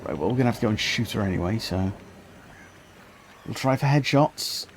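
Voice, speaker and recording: A man's voice: lowish voice, animated, a little fast, slight background noise. A man giving chatty live gameplay commentary as a streamer, swearing casually and talking to his chat.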